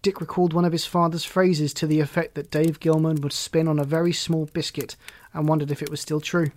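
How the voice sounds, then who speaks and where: A man narrating an audiobook in a calm, steady storytelling manner. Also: a little high, fairly quick. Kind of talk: scripted narration.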